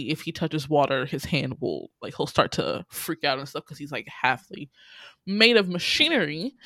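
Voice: medium pitch, a bit bright, no room sound. A podcast host giving a casual, chatty recap of a movie, full of fillers and laughing through the story.

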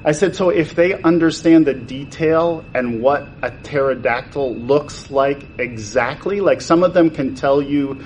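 Animated man telling stories. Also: fairly high pitch, a little slow, hardly any pauses, slight background noise, poor audio. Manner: acts out quoted exchanges with voice changes. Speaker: toy designer guest. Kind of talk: animated storytelling in conversation.

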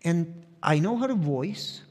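A man's voice: fairly high pitch, slow pace. A middle-aged man preaching a sermon as pastor, telling stories and acting out conversations. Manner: animated storytelling, acting out dialogue. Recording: long reverb of a large hall.

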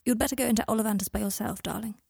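A woman voicing a gentle, guarded young father, speaking softly and tenderly, with a clipped reserve. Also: mid-range voice, steady tone, racing, vocal fry, breathy edge, no room sound, clean studio sound.

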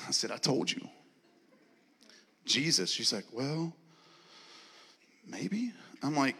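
A man preaches in a large church hall, acting out each line of his story with a bright, forceful voice. His words ring out with a long reverb trailing behind them. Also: on the high side, a little slow, long pauses. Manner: animated, acts out dialogue, laughs and clears throat often. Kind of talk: sermon storytelling.

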